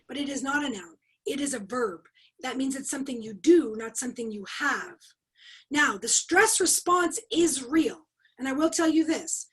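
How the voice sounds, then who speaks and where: A middle-aged woman leading a leadership webinar over a video call, teaching in an animated, emphatic way and asking the audience rhetorical questions. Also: high-pitched, rough recording. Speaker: leadership coach and trainer.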